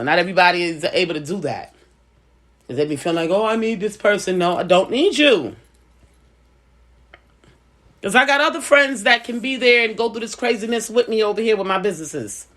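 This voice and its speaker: Blunt, animated middle-aged woman. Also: mid-range voice. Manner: blunt and emphatic, repeats her points. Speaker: business owner. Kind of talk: casual advice monologue.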